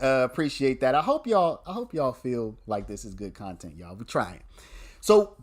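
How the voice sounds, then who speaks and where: A man with a voice on the higher side hosts a casual livestream, walking viewers through a legal argument. He repeats his points and frequently restarts sentences.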